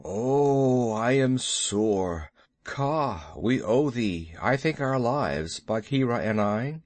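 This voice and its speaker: Man doing big old bear, gentle and grave, a bit whimpery, storybook. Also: mid-range voice, animated, slow pace, no room sound. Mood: sore. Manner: grave, then soft and whimpering. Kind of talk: storybook character voice.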